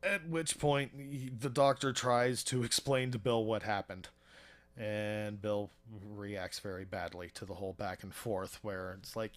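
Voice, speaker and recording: A man's voice: on the low side, steady tone, measured pace. A man co-hosting a podcast, retelling a TV episode in a loose, chatty way, with many fillers and small chuckles. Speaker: podcast co-host. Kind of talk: casual episode recap chat.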